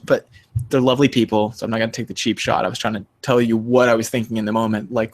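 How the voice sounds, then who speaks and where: A young man co-hosting a casual podcast, telling a story with lots of animation. When he quotes people, his pitch jumps sharply and he acts them out. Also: very fast. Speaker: podcast co-host.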